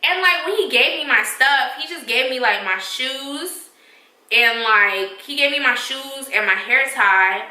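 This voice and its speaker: Animated young woman telling a wild story. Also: sits high, a little slow, echoey room, recorded from a distance, poor audio. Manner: animated, profane, emphatic storytelling. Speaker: vlogger. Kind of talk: storytime vlog.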